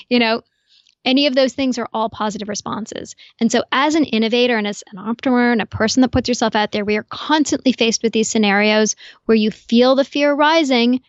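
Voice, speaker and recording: A woman guest on a podcast, explaining calmly and clearly in an instructive way. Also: a little high, quick pace, dry recording, muffled recording. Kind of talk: explanatory interview talk.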